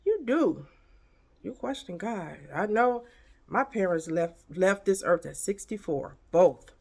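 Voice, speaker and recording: A woman's voice: mid-range voice, expressive, slow pace, darkish tone, breathy edge. A woman giving a casual spiritual pep talk to camera, emphatic and preachy, full of rhetorical questions. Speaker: motivational vlogger.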